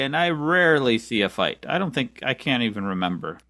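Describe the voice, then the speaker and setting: Sarcastic man with a lively voice. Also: mid-range voice, brisk, no echo, clean studio sound. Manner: sarcastic, playfully defensive. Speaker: podcast co-host. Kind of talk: casual comedic banter.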